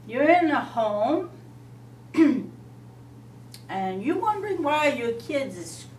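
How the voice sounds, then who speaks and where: A woman leading a parenting class, animated and asking the group rhetorical questions. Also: high-pitched. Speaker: parenting instructor. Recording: roomy, distant mic, faint hum.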